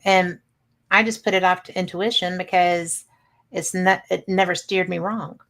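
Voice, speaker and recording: Woman, host, gravelly voice, reflective, casual chat. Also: fairly low pitch, little pitch movement, a bit bright. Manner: chatty, reflective, quick to laugh.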